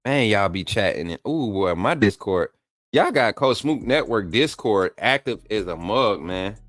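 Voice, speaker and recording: A man's voice: lowish voice, expressive, unhurried, fairly bright tone, no room sound, clean studio sound. A middle-aged man, hosting a live sports call-in stream in a loose, chatty way, repeating himself and hyping up his viewers. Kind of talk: casual live-stream chat.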